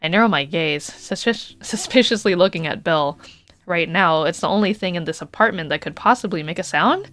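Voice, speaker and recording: A woman's voice: on the low side, animated, fairly quick, fairly bright tone. Playful woman streamer reading a game aloud, faint music underneath. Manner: playful, laughs between lines. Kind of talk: reading a dating game aloud with casual asides.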